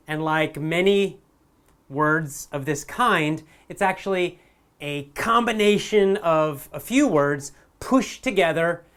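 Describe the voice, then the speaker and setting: A man teaching spoken English, talking slowly and emphatically and repeating example phrases many times. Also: fairly high pitch, fairly bright tone.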